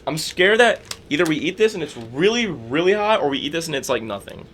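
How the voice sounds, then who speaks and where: A man's voice: fairly high pitch, big pitch swings, a little fast, a bit bright, a little hiss or hum. A young man from the hosting a casual podcast, chattering nervously with lots of fillers. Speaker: podcast host. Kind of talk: casual chat.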